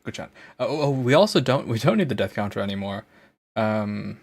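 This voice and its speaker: A man's voice: on the low side, lively intonation, a little fast, vocal fry, breathy edge. A man streaming a game, chatting playfully and rambling, slipping into a put-on British accent. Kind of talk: casual gameplay commentary.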